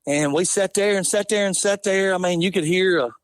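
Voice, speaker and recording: A man, telling an animated, laughing hunting story in casual talk. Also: sits high, fairly quick, no room sound. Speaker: podcast guest.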